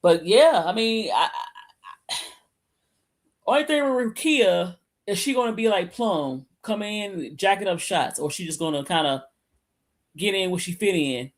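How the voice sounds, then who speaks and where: A Michigan woman co-hosts a casual sports podcast, her medium-pitched voice expressive and unhurried as she rambles and keeps restarting her thoughts. She's on a remote call, talking from a computer set away from her mic, so the audio sounds off-mic.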